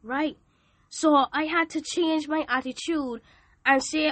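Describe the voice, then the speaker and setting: A woman's voice: sits high, measured pace, fairly bright tone, no room sound. A woman hosting a podcast, giving an emphatic, preachy devotional talk with joking asides. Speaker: podcast host.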